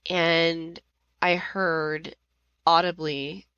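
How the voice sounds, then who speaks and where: A woman's voice: low-pitched, flat delivery, very slow, clear, resonant tone, dry recording, highs cut off. A middle-aged woman hosting a podcast, telling a personal story with strong emotion and reliving her anger in raised outbursts. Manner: emotional, rising to near-shouting when reliving anger. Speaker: podcast host.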